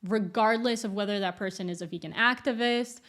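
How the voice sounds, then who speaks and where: A young adult woman talking candidly to camera as a YouTuber, blunt and quick to laugh. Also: medium pitch, a bit bright. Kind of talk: casual commentary to camera.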